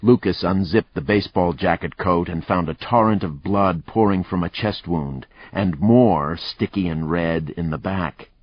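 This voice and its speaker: A man narrating a thriller audiobook in a measured, even storytelling manner. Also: deep voice, husky, no echo. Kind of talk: scripted narration. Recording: dry, slightly muffled recording.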